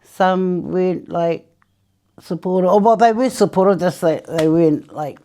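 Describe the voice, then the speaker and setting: A woman's voice: on the low side, moderate pace, dark tone. A woman from New Zealand, interviewed about quitting smoking, chatty storytelling that laughs often and acts out what people said. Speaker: interviewee, former smoker.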